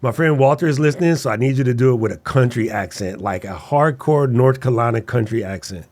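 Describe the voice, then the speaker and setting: A man co-hosting a podcast in casual chat, slangy and playful, even making sound effects with his mouth. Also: medium pitch, brisk, no echo. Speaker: podcast co-host.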